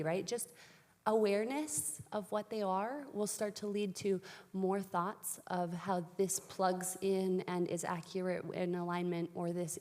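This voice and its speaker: A woman's voice: medium pitch, darkish tone. A woman coach on a conference panel, talking reflectively and checking in with "right?". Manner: reflective, conversational, many "right?" tags. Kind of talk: panel discussion. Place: conference stage. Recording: reverberant hall.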